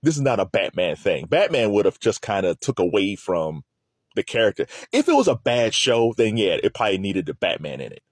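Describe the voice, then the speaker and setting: A man's voice: on the low side, brisk, no room sound, studio quality. A man hosting a video, talking casually and laughing often as he chats to the camera. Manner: animated, laughs often, loose and chatty. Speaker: video host.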